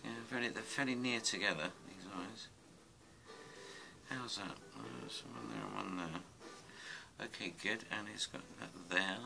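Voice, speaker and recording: A man's voice: fairly low pitch, a little slow, creaky, very noisy. A man giving a casual drawing tutorial, muttering and rambling to himself as he sketches. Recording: music playing underneath. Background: music.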